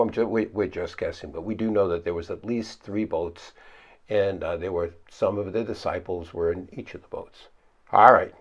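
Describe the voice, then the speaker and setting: A pastor preaching a conversational sermon, asking his listeners questions and answering them himself. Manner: acts out the frightened disciples in high pleading voices.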